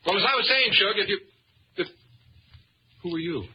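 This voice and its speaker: A man's voice: sits high, expressive, normal speed. A man playing a flustered, wisecracking sitcom lead who stammers often, in 1940s radio comedy on a muffled old recording with faint hiss.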